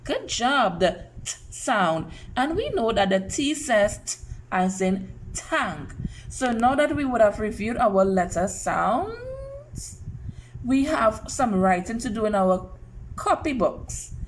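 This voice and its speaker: Slow, encouraging woman teaching letter sounds. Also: on the high side, big pitch swings, a little hiss or hum, rough recording. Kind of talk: phonics lesson for young children.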